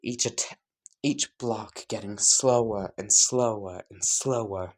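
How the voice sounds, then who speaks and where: Slow, chuckling man narrating fan fiction. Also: lowish voice. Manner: chuckling, casual, self-interrupting. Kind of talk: improvised storytelling.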